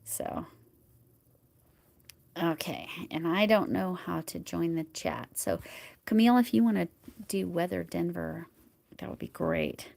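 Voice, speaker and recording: A woman hosting a crochet livestream at home, chatting casually as she works and murmuring soft whispered asides to herself. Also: fairly low pitch, very animated, unhurried, vocal fry, pauses often, no room sound. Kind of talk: casual live chat while crocheting.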